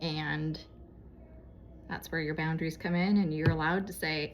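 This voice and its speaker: A woman's voice: low-pitched, steady tone, unhurried, pauses often, highs cut off, a little hiss or hum. A woman vlogger speaking to her viewers in a casual, earnest and pleading way, giving moral advice. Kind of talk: casual heartfelt exhortation to viewers.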